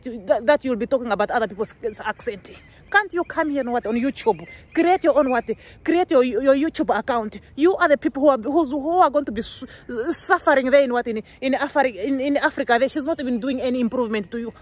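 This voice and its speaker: A young woman from Namibia, a gossip vlogger, ranting heatedly to the camera. She keeps restarting her sentences and fills them with rhetorical "what"s. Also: high-pitched. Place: living in Sweden.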